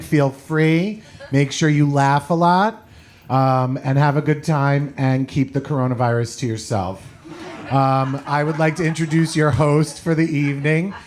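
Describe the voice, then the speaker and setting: Man, comedy club announcer, mid-pitched voice, jokey, calls out the introduction. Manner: jokey, uses um often, calls out loudly at times.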